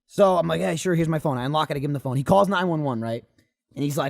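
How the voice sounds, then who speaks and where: A young man rattles through a story at a rapid clip in a fairly high voice. He swears freely and acts out what people said, in a loose podcast chat. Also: vocal fry. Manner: fast, animated storytelling with lots of swearing and acted-out quotes. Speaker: podcast host telling a story.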